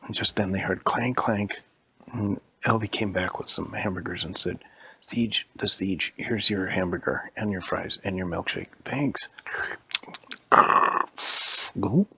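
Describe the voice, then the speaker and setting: A man telling a made-up spooky story to a child, switching into high squeaky voices for characters and dropping to a whisper at scary moments. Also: a little slow, vocal fry, sharp tone, slightly rough. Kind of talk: improvised bedtime-style story for a child.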